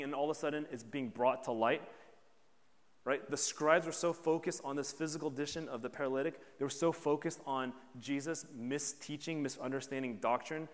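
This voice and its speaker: A man's voice: mid-range voice, in a large hall. A man preaching a sermon in a conversational way, often checking in with "right?" and acting out voices from the story.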